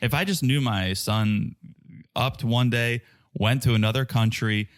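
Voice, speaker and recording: A man's voice: mid-range voice, a little slow, dry recording, clean studio sound. A man co-hosting a podcast, chatting casually and wryly about a reality show, with jokey asides. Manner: wry, jokey asides with quoted voices. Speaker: podcast co-host. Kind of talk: casual recap chat.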